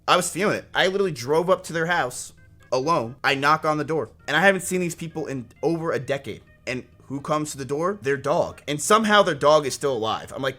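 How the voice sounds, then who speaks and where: A man's voice: a little high, animated, a little fast, bright, forceful tone, faint music behind. A man in his twenties casually telling a rambling story to his stream chat, swearing often. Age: 20s.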